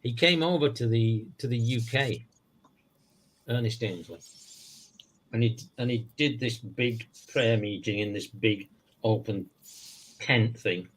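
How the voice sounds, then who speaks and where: A man's voice: mid-range voice, measured pace, pauses often, low-quality recording. A man telling a long joke in casual chat, putting on voices for its characters. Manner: animated storyteller doing voices.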